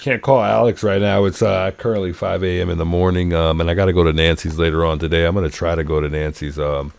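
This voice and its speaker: A man's voice: sits low, little pitch movement, fast, creaky, dry recording. A man hosting a livestream, commenting casually and thinking aloud with lots of fillers. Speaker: livestream host. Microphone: phone.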